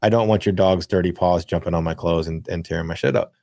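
A man's voice: deep voice, steady tone, fast, vocal fry, mellow, dry recording, studio quality. A young man co-hosting a podcast, telling blunt, profane, rambling stories in casual chat. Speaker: podcast co-host.

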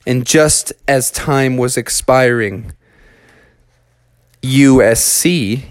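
Slow chatty man telling a kids' story. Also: mid-range voice, dry recording. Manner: loose and chatty, with fillers and slang. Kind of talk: telling a made-up bedtime story to children.

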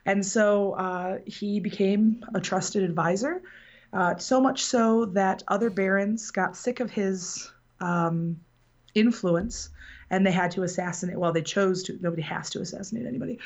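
A woman's voice: mid-range voice, moderate pace. Rambling, chuckling woman on a dull mic. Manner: rambling, laughing storyteller. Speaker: podcast host. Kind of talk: casual chat.

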